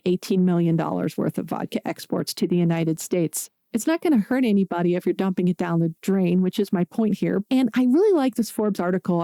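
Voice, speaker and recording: A woman's voice: fairly low pitch, mellow, dry recording, studio quality. A woman from Pittsburgh hosting a solo podcast, talking in a chatty, conversational way with jokey asides. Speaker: podcast host.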